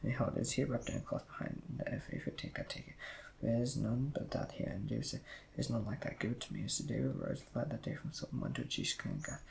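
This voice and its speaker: A man reading scripture aloud in a rushed way, with slips and restarts. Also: medium pitch, vocal fry, darkish tone, slight background noise, rough recording. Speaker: Bible reader.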